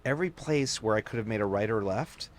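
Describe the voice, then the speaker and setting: This man speaks at a quick pace with a voice on the low side, and a little hiss or hum is audible. Guesting on a podcast, he tells long stories in casual chat, animated and crowded with "like" and quoted voices.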